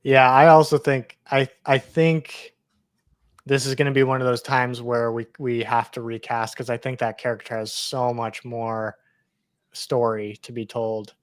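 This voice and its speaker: A man's voice: mid-range voice, level tone, unhurried, no room sound, clean studio sound. A young man hosting a casual live discussion, earnest and hesitant, often restarting his phrases. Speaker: host.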